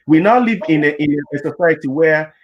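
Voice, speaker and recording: Earnest man with a fairly high voice. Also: fairly quick, dull audio. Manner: earnest, explanatory, repeats words as he builds a point. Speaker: panelist and therapist. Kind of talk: panel discussion.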